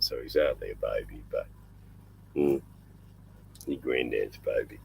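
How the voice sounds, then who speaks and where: A man's voice: very deep voice, unhurried, gravelly, pauses often, husky, poor audio. An older Australian man hosting a casual live stream from inside his small boat at night, rambling and chatting in between fussing over his dog. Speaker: livestream host.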